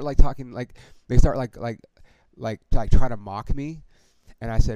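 A man's voice: mid-range voice, moderate pace, dry recording, poor audio. A man hosting a podcast, telling a story in a heated, profanity-heavy way, peppered with "dude" and "okay". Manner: heavy swearing, heated and animated; frequent fillers like "dude" and "okay". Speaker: podcast host. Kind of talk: casual storytelling monologue.

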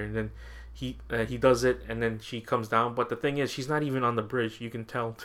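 A man's voice: medium pitch, steady tone, a little fast, a bit bright. A man co-hosting a podcast in casual chat, rambling and laughing often as he quotes his own reactions. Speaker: podcast co-host.

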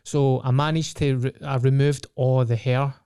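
A man's voice: medium pitch, flat delivery, normal speed, dark tone, clear, resonant tone, no echo, clean studio sound. A young Scottish man telling rambling, sweary stories in a casual podcast chat. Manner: rambling, sweary storytelling with frequent restarts.

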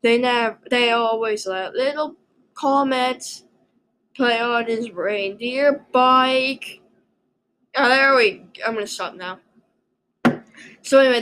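Rambling, jokey woman with a slightly high voice. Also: steady tone, a little slow, fairly bright tone, slight background noise, poor audio. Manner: rambling and jokey, many fillers and restarts. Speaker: podcast host. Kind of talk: casual solo episode monologue.

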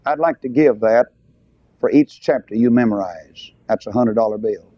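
An older man with a mid-range voice preaches a revival sermon at a moderate pace, folksy and emphatic, rising to shouts on key phrases. The recording is dry, with a dull lo-fi sound.

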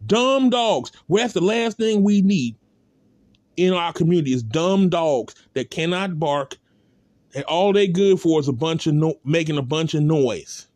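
Blunt high-voiced man ranting. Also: lively intonation, unhurried, a little mellow, dry recording. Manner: blunt, repetitive, rhetorical calls. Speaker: commentator. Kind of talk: impassioned spoken rant.

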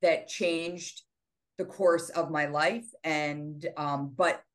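A middle-aged American woman, an author appearing as a podcast guest, earnestly retells a painful family loss in an interview, using many fillers. Her voice sits low with fairly even intonation, and she draws out her words.

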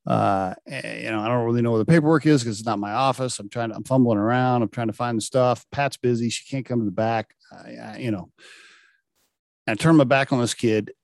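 A middle-aged man recounting a work story in casual, animated talk. He laughs often and jumps his voice up and down to act out each quoted exchange. The sound is dry and close. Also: medium pitch, fairly quick, gravelly, no room sound.

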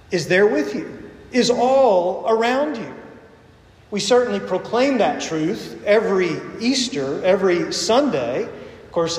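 A middle-aged man pastor giving a conversational sermon, telling stories and acting out the voices he quotes. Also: sits high. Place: church sanctuary. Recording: echoey long reverb of a sanctuary.

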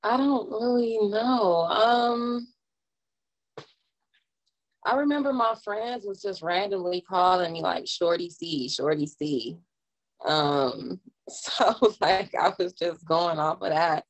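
A woman's voice: medium pitch, takes it slowly, poor audio. A young woman rapper chatting casually in an interview, laid-back, with lots of "um" and "like". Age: young adult. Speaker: rapper guest.

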